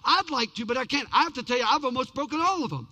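A man preaching a sermon, telling a story with big swings from shouted peaks to hushed lows. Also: animated, fast. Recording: long hall reverb.

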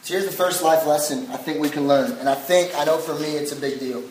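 A young man giving a casual youth sermon, telling the story in an animated way and using lots of filler words. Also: fairly high pitch, fast, slight background noise. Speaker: youth pastor. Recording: echoey hall, voice from a distance.

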